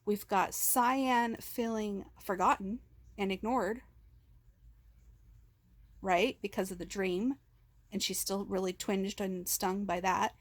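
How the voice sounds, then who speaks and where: A woman's voice: mid-range voice, fairly even intonation, takes it slowly, long pauses, no echo. A woman telling a raw personal vlog story into a handheld phone, rambling and emotional, with many restarts, speaking of herself as "we". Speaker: vlogger.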